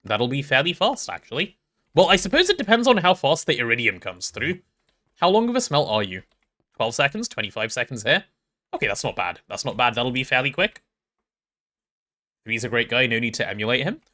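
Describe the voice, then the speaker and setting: A man's voice: mid-range voice, very animated, a little fast, bright, forceful tone. A man live-streaming a game, chatting casually and rambling as he reads chat and talks through his build.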